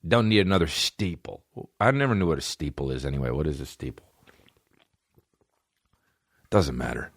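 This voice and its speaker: A man's voice: rumbling low, big pitch swings, moderate pace, long pauses, no room sound. A man hosting a podcast, delivering a rambling, profane, jokey comedic monologue in a studio. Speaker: podcast host.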